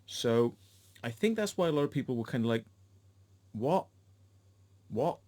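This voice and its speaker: A man rants casually through a film review, midrange in pitch. He swears freely and wanders, leaning on "you know" and "um" as he restarts his thoughts. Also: animated, fast talker, darkish tone. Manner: rambling and profane, with many fillers.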